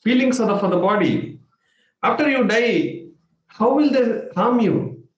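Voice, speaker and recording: A man with an Indian accent giving a spiritual workshop talk as a meditation coach, animated and playful, with sudden exclamations and mimicry. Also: very high voice, unhurried, dull audio. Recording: echoey room.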